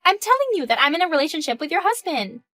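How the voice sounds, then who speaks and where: A woman's voice: extremely high pitch, sing-song, fast, sharp tone, voice pushed up, exaggerated voice. A woman voicing a smug young female student who is the husband's mistress, reading out a text-message story in a taunting, condescending way.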